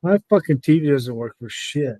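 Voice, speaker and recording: A man's voice: fairly high pitch, expressive, moderate pace, dark tone, no echo. A man on a live betting show, grumbling about his broken setup and swearing casually. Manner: grumbling, distracted by tech trouble. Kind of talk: casual profane banter.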